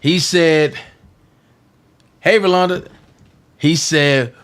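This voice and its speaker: A man hosting a political livestream, delivering a heated, defiant monologue that taunts his critics, repeats phrases for emphasis and swings from loud outbursts to hushed asides. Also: mid-range voice, animated, a little slow, pauses often.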